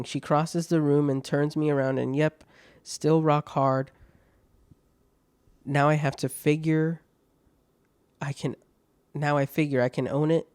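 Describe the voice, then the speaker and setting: A man with a mellow, fairly high voice reads online stories aloud on his podcast, breaking off to laugh and toss out crude, mocking asides. The recording is dry and close. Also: little pitch movement, slow, long pauses, clear, resonant tone, no room sound. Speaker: podcast host.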